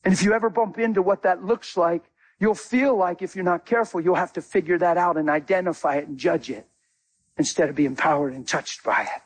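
A man preaching a sermon as a guest speaker, animated, telling stories with acted-out dialogue. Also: high-pitched, brisk, slightly rough.

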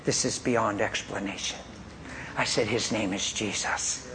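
A man's voice: on the low side, fairly even intonation, unhurried, gravelly, background noise. A man preaching a testimony in a pointed, straight-talking way, telling his story with animation and frequent laughter. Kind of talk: sermon testimony.

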